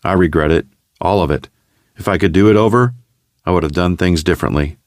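A man's voice: brisk, no room sound, studio quality, lightly acted. A man voicing a bitter, guilt-ridden tough guy who strains and breaks down as he confesses, in a storybook reading. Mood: regretful. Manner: strained, rising in pitch when upset.

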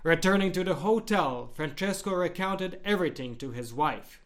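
Lively, higher-voiced male storyteller. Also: normal speed. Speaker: narrator. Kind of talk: scripted narration of a devotional story.

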